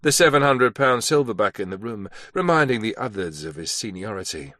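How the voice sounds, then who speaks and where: A man giving scripted audiobook narration in a steady, even manner. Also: fairly low pitch, fairly quick, no room sound, clean studio sound.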